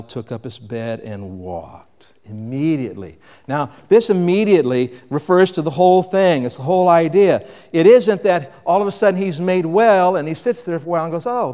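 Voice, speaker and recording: Male pastor, slightly high voice, dynamic sermon delivery, reverberant church hall. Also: animated, moderate pace, few pauses. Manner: dynamic, swings between loud emphasis and quiet reflection.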